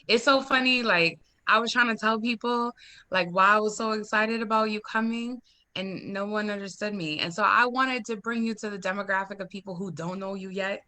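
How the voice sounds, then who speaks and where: A woman hosting a podcast, talking in an effusive, excitable way and laughing often. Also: mid-range voice, fairly quick. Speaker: podcast host. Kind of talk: casual chat.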